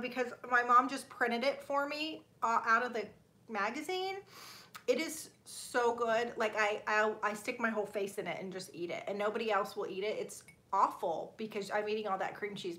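A woman's voice: fairly high pitch, sharp tone. A woman in her thirties hosting a casual livestream, chatting with viewers, reading their comments aloud and laughing often. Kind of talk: casual live chat.

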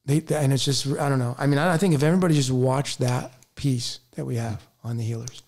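A man co-hosting a conversational interview, with an average pitch and even delivery. He chimes in often with agreement and tells his own short anecdotes. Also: fast talker. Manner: agreeable, frequent affirmations. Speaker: co-host.

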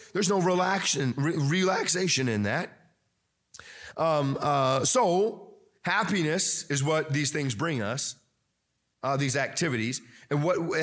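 A man preaches a sermon in a loose, conversational style. His voice sits a little on the high side, and he often restarts and fills pauses as he talks. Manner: conversational, animated, with many fillers and restarts. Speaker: pastor.

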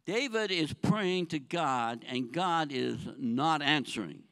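A male pastor preaches a sermon earnestly, posing rhetorical questions to the congregation and shifting between soft, low phrases and raised, pressing ones. His intonation is lively, his pace slow, and his voice smooth.

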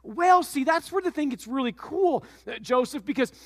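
A man's voice: very high voice, lively intonation, moderate pace, no room sound, studio quality, pitched above the performer's own voice. A man voicing a nervous young woman breaking surprising news, coaxing and hesitant. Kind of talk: sermon role-play.

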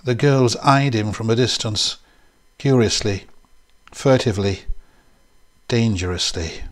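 A man giving a measured, scripted narration of a classic short story. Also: fairly low pitch. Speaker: reader.

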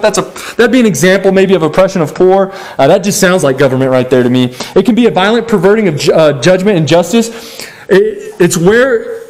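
High-voiced animated young preacher man. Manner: animated storytelling with humorous asides; acts out his own past rants. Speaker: pastor. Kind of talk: sermon.

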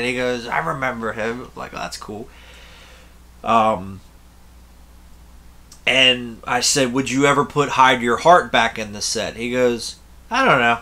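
A man's voice: mid-range voice, expressive, normal speed, pushed and bright. A young man telling a rambling, blunt story to camera in a casual way, swearing freely. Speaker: concert reviewer.

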